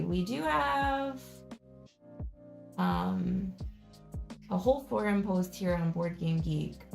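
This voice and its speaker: A young woman chatting through a live-stream board game unboxing, thinking aloud and laughing softly as she goes. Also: lowish voice, vocal fry.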